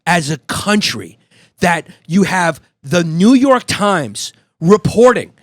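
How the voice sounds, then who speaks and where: A man's voice: high-pitched, very animated, slow, no echo, studio quality. A man co-hosting a comedy podcast, ranting emphatically and swearing often. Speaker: podcast co-host. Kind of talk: casual podcast chat.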